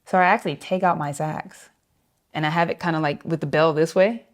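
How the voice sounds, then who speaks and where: A woman with a lowish voice, telling her stories with a lot of energy. She laughs easily and jumps up high when she acts out what other people said. She is a young saxophonist talking to an interviewer. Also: steady tone, fairly quick. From New York. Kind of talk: animated storytelling with acted-out quotes.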